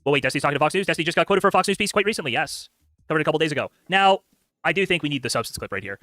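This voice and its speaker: A man live-streaming casual commentary, talking rapidly with lots of filler words, tired from a long stream. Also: fairly high pitch, animated, sharp tone, no echo, clean studio sound. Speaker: streamer reacting to clips.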